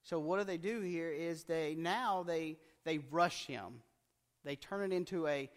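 A man's voice: a little high, a little slow, long reverb tail. A man preaching a conversational sermon in a folksy manner, acting out what people in the scripture might say. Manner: folksy, acts out quoted speech in plain voice.

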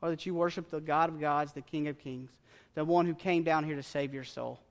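A man preaching a sermon in a church, telling a story in an animated, plain-spoken way. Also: on the high side, brisk. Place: church sanctuary. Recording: long church reverb with faint music.

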